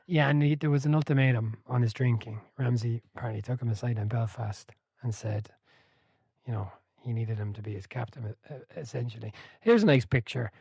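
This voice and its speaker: Animated male podcast host. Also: medium pitch, fairly quick, creaky, breathy edge, no echo. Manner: animated storyteller, laughs and swears freely. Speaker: book club podcast host. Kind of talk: casual podcast chat.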